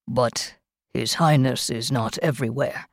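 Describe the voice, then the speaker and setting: A woman voicing a humble middle-aged male servant, speaking low, quiet and pleading. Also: measured pace, vocal fry, no room sound, clean studio sound, exaggerated voice. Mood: grim.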